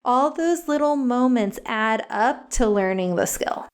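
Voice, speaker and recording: Earnest, higher-voiced woman, parenting educator. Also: animated, measured pace, clean tone. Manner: earnest, explains step by step with frequent "like" fillers. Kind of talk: conversational interview explanation. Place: podcast recording.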